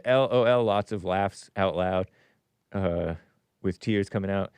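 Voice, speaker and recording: A man's voice: sits low, a little slow, darkish tone, clean tone, no echo. A man hosting a casual livestream, reading viewer comments aloud and giving opinionated asides with frequent chuckles. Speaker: show host.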